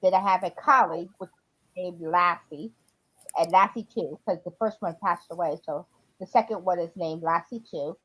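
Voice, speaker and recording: A woman's voice: lowish voice, moderate pace, a bit bright. A woman chatting casually on a livestream, rambling a bit with fillers as she tells dog stories. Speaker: livestream co-host. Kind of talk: casual chat. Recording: dull lo-fi audio.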